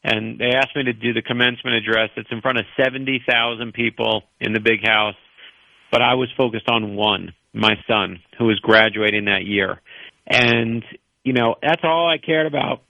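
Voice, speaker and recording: A man from New York, an author guest on a radio talk show, telling personal stories in an earnest, animated way. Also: medium pitch, dry recording, low-quality recording. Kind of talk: radio interview storytelling.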